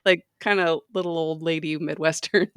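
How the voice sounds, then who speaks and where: A woman co-hosting a podcast, casually chatting about a TV episode, agreeable and quick to laugh. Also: low voice, fairly even intonation, smooth, no room sound, studio quality. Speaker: podcast co-host. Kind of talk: casual chat recapping a TV episode.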